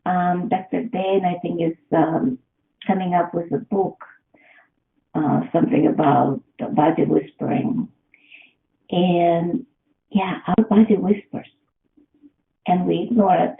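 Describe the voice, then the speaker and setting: A woman's voice: lowish voice, slow, gravelly, pauses often. A woman giving a reflective motivational talk, posing question after question to the listener. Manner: asks many rhetorical questions. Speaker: self-help speaker. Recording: tinny phone-like line in an echoey room.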